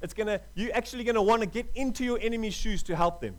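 A man preaching a sermon with passion, dropping to a hush and rising to loud appeals, calling his listeners "folk". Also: high-pitched, quick pace, rough recording. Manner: passionate, swings from hushed to loud.

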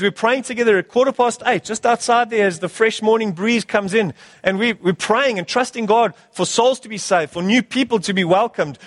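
A man's voice: high-pitched, in a large hall. A male pastor preaching a sermon, urging his church with emphatic, repeated exhortations.

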